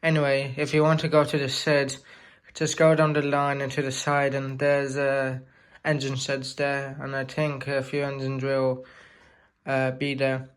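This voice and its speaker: A man's voice: mid-range voice, monotone, measured pace, clear, resonant tone, close to an everyday voice. A man voicing a forgetful male steam engine who talks like a pirate and rambles. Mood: rambling. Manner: rambling pirate talk, self-correcting.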